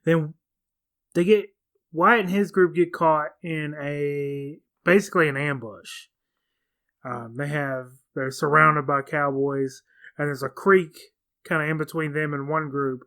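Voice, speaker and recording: A man co-hosting a podcast, retelling film scenes in a blunt, casual way and swearing now and then. His voice is bright and forward, and his pitch sits in an ordinary middle range. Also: steady tone, unhurried. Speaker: podcast co-host. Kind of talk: casual movie recap chat.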